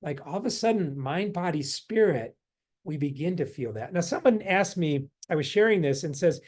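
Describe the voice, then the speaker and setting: A man leading a forgiveness workshop indoors, speaking gently with frequent chuckles and meandering asides, then softening into quiet repeated meditation phrases. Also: on the high side, animated, moderate pace. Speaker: workshop leader. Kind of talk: guided meditation teaching. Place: a room indoors.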